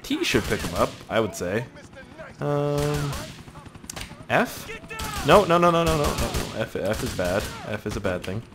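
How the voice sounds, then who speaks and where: A man giving casual gameplay commentary, excitable, swearing, laughing and talking to himself as he plays. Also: mid-range voice, a little slow, pauses often, music in the background. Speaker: let's play gamer.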